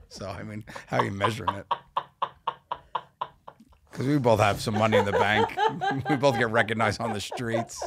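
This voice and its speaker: A man's voice: on the low side, measured pace, long pauses. A man co-hosting a comedy podcast, telling stories in casual chat and laughing often. He speaks into a close studio mic. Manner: animated, laughing storyteller. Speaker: podcast co-host.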